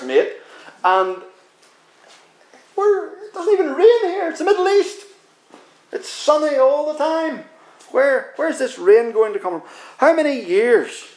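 A man's voice: darkish tone, echoey room. A man putting on the voice of a scoffing neighbour who taunts a boat builder with incredulous questions. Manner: taunting, incredulous, raises pitch on rhetorical questions.

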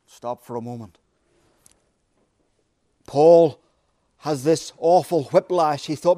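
A man preaching a sermon, with dramatic pauses and emphatic repetition. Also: a little high, warm tone, no room sound, clean studio sound.

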